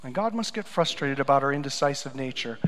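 A pastor preaching a sermon, telling stories and swinging between loud emphatic lines and quiet low asides. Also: male voice, lively intonation, quick pace. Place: church sanctuary. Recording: church hall with long reverb.

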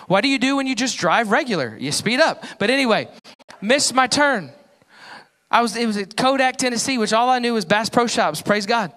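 Young male pastor, high-pitched, animated storyteller delivering a sermon. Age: young adult. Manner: storytelling, animated voices for quoted people. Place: church.

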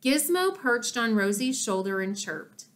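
A woman narrating a children's chapter book in an expressive storytelling manner. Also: fairly high pitch, a little slow. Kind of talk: children's audiobook reading.

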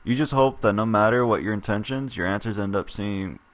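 A man with a slightly low voice reads a text adventure aloud in a casual let's-play. He moves between narrating the story and chatting loosely with viewers. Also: fairly quick. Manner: reads narration aloud, breaks off to chat and laugh. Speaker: player reading an interactive story game. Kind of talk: casual game read-through.

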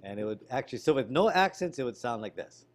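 A man teaching a ukulele lesson over a video call, explaining strumming technique in a relaxed way while he demonstrates. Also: mid-range voice, fast talker. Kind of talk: online music lesson. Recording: ukulele playing loud behind voice.

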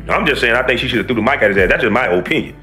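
A bright, animated man ranting. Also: medium pitch, very fast, faint music behind. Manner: profane, heated, preachy rant. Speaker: reaction commentator. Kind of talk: ranting reaction commentary.

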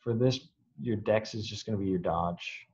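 Over dull-sounding video-call audio, a young male game master leads a tabletop session, laughing easily and improvising rules as he goes. He speaks in a lowish, slightly mellow voice with a relaxed, casual manner.

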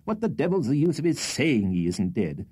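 Man doing a gruff old squire. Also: fairly low pitch, huge pitch swings, dark tone, dry recording, studio quality, full character voice. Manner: rough, drawn-out commands. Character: gruff elderly country squire, blunt and bluff.

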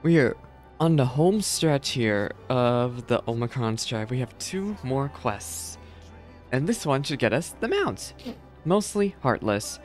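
A man's voice: mid-range voice, lively intonation, slow pace, faint music behind. A man hosting a casual game playthrough, chatty and rambling, saying he has just woken up. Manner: chatty, loose, sleepy and rambling. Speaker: gaming streamer and video host. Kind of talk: casual let's-play commentary.

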